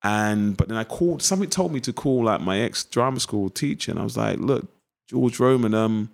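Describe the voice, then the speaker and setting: A man's voice: lowish voice, a little fast, gravelly. A man from East London with a local accent, an actor telling stories in an interview and acting out old conversations. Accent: East London English. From East London, England. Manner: animated storyteller acting out past conversations. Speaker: actor guest. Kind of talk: interview storytelling.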